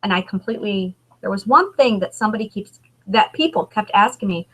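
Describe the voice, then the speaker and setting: A woman in her thirties, an author speaking candidly as a guest, halting often and restarting her sentences. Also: mid-range voice, expressive, a bit bright, slightly rough, low-quality recording. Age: 30s. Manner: halting, emotional, many restarts. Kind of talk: candid conversation.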